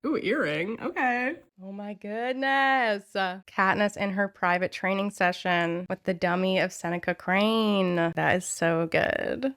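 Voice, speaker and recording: A young woman talks casually through an illustrated book for her channel. She is gushing and excitable, breaking into gasps and squeals between comments. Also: mid-range voice, unhurried, clear, resonant tone, no echo, clean studio sound. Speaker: book vlogger.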